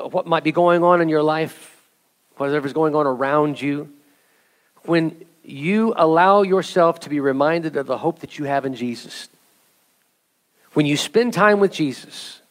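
Male pastor, earnest sermon delivery, slightly high voice. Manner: earnest preaching, leads the congregation in song.

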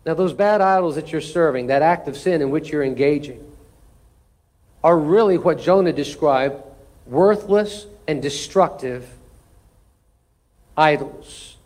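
A man with a high voice preaching a sermon. He reads scripture with rising intensity and slips into folksy, joking asides between the verses. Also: a little slow, long pauses. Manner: animated preaching, rising in pitch and force when reading scripture aloud. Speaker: pastor.

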